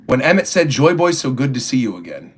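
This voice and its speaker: A man's voice: mid-range voice, very animated, a little fast, husky. A young man chatting casually on a livestream, rambling through his thoughts and reading viewer comments aloud. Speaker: streamer reacting to a comic chapter.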